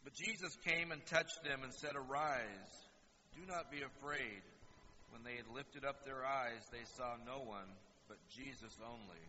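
A man preaching a sermon and explaining scripture, acting out quoted lines with animated asides. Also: mid-range voice, normal speed, few pauses, slight background noise. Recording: dull lo-fi sound in a reverberant hall.

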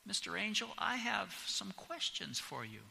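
Pastor putting on a staunch proud churchgoer, astonished. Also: male voice, high-pitched, sing-song, moderate pace, creaky, bright, forceful tone, pitched above the performer's own voice, heavily acted. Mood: inquiring. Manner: astonished, questioning. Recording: long church reverb.

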